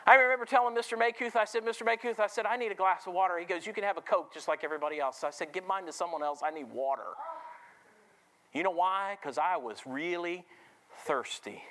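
A man's voice: sits high, fast talker, a bit bright. A middle-aged man preaching a sermon to a congregation, telling stories from his boyhood and firing questions at the listeners. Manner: storytelling, asks the congregation questions. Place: church before a congregation.

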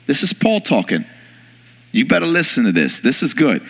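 A man preaching a sermon to his church as pastor, emphatic and rising in pitch as he presses his points. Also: big pitch swings, moderate pace, vocal fry, slightly rough. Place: church sanctuary. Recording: long reverb of a large hall.

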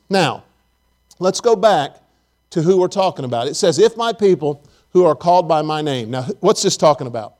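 Male preacher, high voice, emphatic, repeats lines, questions the congregation, sermon in a church auditorium. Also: darkish tone.

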